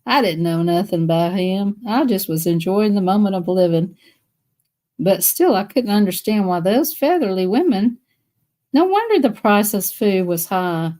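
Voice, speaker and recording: A woman with a Southern US accent talks casually to her viewers. She rambles through a story and laughs often between phrases. Her pitch sits in the middle and she keeps an easy, talky flow. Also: expressive, normal speed, mellow. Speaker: live streamer.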